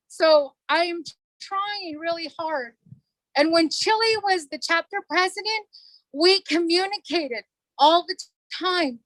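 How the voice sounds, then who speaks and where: A woman's voice: extremely high pitch, fairly bright tone, dry recording, poor audio. A middle-aged woman, a council delegate, addressing a community meeting in an earnest, emotional way and repeating herself for emphasis.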